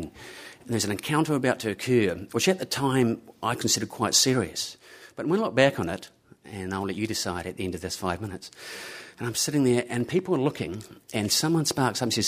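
A man telling a story live to an audience, animated and acting out the people in it. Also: medium pitch, brisk.

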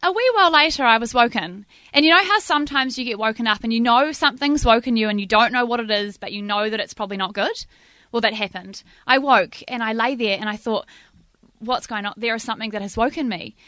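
Bright-voiced New woman telling a story. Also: a little high, no room sound. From New Zealand. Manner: lively, self-mocking, dramatic pauses. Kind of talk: spoken storytelling to a live audience.

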